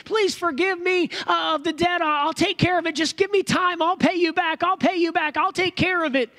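A man's voice: very high-pitched, fairly even intonation, moderate pace, pushed and bright, voice pushed up. A man voicing a desperate male servant who begs his master for more time to repay a debt, pleading frantically and repeating himself. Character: desperate male debtor servant begging for mercy.

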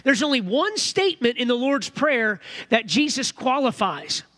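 Earnest high-voiced male pastor preaching. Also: normal speed. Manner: earnest, animated preaching with repeated phrases. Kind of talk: sermon.

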